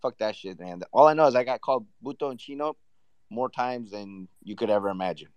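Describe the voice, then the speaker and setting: A man's voice: mid-range voice, fairly quick, a little mellow, clear, resonant tone, dry recording. A man from Southern California telling a rambling story in casual chat, laughing now and then. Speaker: panelist. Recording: dull lo-fi audio.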